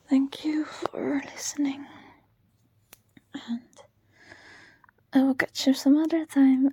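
A woman speaking in a soft, breathy whisper, talking intimately and sighing between phrases. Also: sits high, little pitch movement, slow pace, pauses often.

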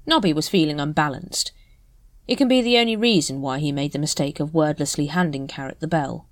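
A woman's voice: deep voice, fairly quick, dry recording, clean studio sound. A woman reading a story aloud as narrator, telling it expressively. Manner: expressive storytelling with voiced characters. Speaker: audiobook narrator. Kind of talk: scripted narration.

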